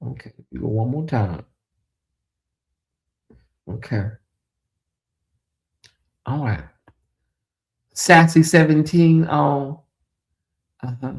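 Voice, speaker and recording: A man's voice: medium pitch, very slow, gravelly, pauses often. A man hosting a casual late-night livestream in a chatty, drawling way, reading viewer comments aloud and talking to the audience as "y'all". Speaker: livestream host.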